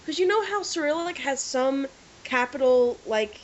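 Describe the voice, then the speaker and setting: A woman co-hosting a podcast in casual chat, an animated storyteller who acts out what people said. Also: high-pitched, normal speed. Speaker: podcast co-host. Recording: lo-fi with faint hiss.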